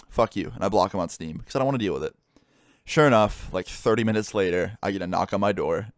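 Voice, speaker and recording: A young man, a gaming YouTuber, casually telling a story time vlog, swearing freely and animated as he retells events. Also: lowish voice, fast, no room sound, clean studio sound.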